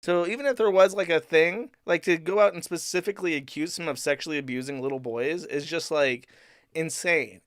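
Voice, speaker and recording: Streamer host, male, somewhat high voice, foul-mouthed and indignant, dry close sound. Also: a little fast, dry recording. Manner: profane, incredulous and indignant. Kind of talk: casual commentary stream.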